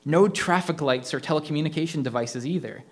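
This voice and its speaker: A man's voice: a little high, fairly quick, pitched above the performer's own voice. A man reading a story aloud, voicing a vengeful male ghost who possesses a middle-aged man, with mocking, theatrical menace. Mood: gloating.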